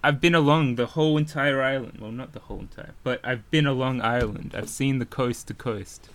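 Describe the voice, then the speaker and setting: A man, co-hosting a casual podcast chat and rambling through absurd deadpan stories. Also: medium pitch, fairly quick. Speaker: podcast co-host.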